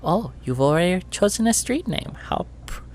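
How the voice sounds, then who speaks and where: For a tabletop game, a man pitches his voice above his own natural range to play a mean, sweetly menacing middle-aged crime boss woman with a nasal, rusty, syrupy voice. It sits high, with big pitch swings at a moderate pace. He sounds soft, purring and threatening, with small stumbles.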